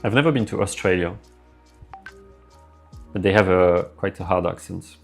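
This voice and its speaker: A man's voice: deep voice, moderate pace, vocal fry, faint music behind. A man with a French accent, live streaming and chatting casually with his viewers, rambling as he answers their messages aloud.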